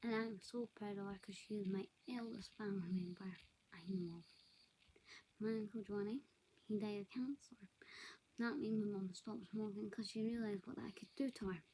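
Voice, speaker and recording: A woman's voice: medium pitch, steady tone, normal speed, dark tone, slight background noise, low-quality recording. A young woman telling personal family stories in a casual vlog, often dropping to a whisper and correcting herself as she goes. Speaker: vlogger.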